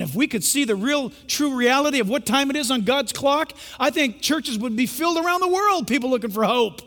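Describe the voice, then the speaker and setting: A male pastor delivering a sermon, his voice strikingly high for a man. He talks emphatically and addresses the congregation directly. His words ring out with the long reverb of a church sanctuary. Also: a bit bright.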